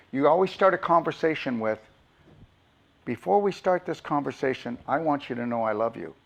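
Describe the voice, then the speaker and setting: A man's voice: medium pitch, lively intonation, moderate pace, creaky, dull audio. A man, a doctor, giving an impassioned motivational talk and pressing his audience with rhetorical questions.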